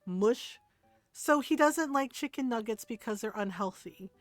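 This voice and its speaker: A woman's voice: on the high side, animated, a little slow, no echo. Chatty woman streamer telling stories. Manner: chatty storytelling, quotes people, laughs often. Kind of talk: casual chat while gaming.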